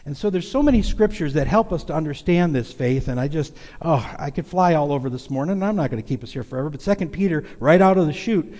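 A male pastor preaches in a church sanctuary with big-room sound, his voice a little high, expressive and darkish. He talks fast with hardly any pauses, delivering a folksy, conversational, confessional sermon openly to the congregation.

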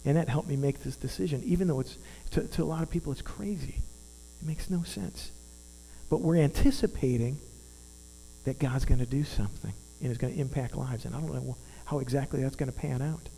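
A man's voice: mid-range voice, brisk, creaky, mellow. A man, preaching a sermon in an earnest, conversational way and asking the congregation questions. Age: 50s. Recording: long hall reverb with mains hum.

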